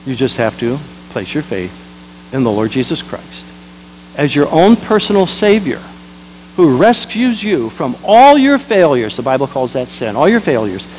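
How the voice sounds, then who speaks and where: A man, a pastor, preaching a sermon, jumping between loud exclamations and quiet asides and leading the congregation in repeating lines. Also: medium pitch, sing-song, normal speed, a little hiss or hum, poor audio. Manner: leads the congregation in call-and-response.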